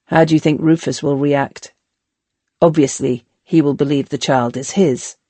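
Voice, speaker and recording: A woman voicing a worried, tender male slave and lover from a historical novel, in a gentle reading tone. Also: low voice, steady tone, normal speed, no room sound. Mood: anxious.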